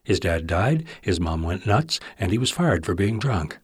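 A man reads literary fiction aloud with a wry, intimate touch. His voice sits low and carries a husky grain. The recording is dry, with no room sound. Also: sing-song, moderate pace, dry recording. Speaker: narrator. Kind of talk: audiobook narration of literary fiction.

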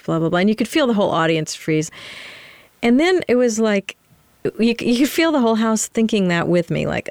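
Low, gravelly woman telling stories. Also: expressive, normal speed, a little mellow, no echo. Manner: candid, laughs often while telling stories. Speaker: playwright and solo performer. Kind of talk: interview conversation, storytelling.

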